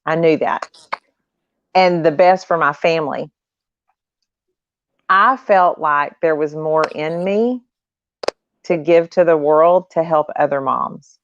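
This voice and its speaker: A woman host who praises her guest warmly and then talks about her own time as a stay-at-home mother. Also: deep voice, slow pace, pauses often, a little hiss or hum. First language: English. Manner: warm, effusive praise. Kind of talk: casual chat. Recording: dull lo-fi sound.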